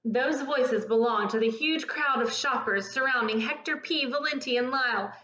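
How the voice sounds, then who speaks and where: A woman reading a children's picture book aloud in an expressive, lively storytelling manner. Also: sits high, normal speed. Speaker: storybook reader. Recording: echoey lo-fi room recording.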